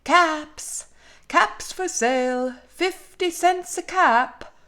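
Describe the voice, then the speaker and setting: A woman voicing a short-tempered male cap peddler in a storybook reading, calling out his wares in a sing-song and shouting when angry. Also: very high-pitched, very slow, voice pushed up, exaggerated voice.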